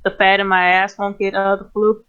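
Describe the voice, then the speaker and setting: A woman's voice: mid-range voice, flat delivery, a little fast, clean tone. A woman co-hosting a casual movie review chat, blunt and nitpicky, swearing casually. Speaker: podcast co-host. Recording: slightly dull lo-fi mic.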